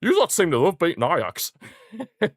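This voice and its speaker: Excitable fan streamer, dry close mic. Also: male voice, fairly high pitch, normal speed, dry recording. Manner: excitable fan, bursts into shouting at goals. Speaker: football watchalong streamer. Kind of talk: live match watchalong commentary.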